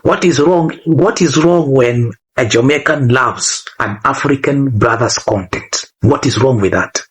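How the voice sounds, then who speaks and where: Husky kenyan guy lecturing his viewers, says things twice, keeps going "huh?". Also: medium pitch, measured pace. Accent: Kenyan English. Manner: preachy, repeats phrases and asks "huh?". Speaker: YouTuber. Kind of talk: casual monologue to camera.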